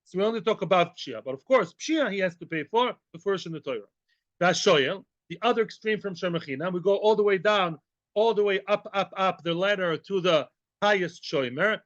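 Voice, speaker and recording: A man, a rabbi, teaching a Talmud class in a lively way, mixing English with Hebrew and Aramaic terms and asking questions he then answers himself. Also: sits high, a little fast, no echo. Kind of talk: Talmud lesson. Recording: dull, lo-fi and dry.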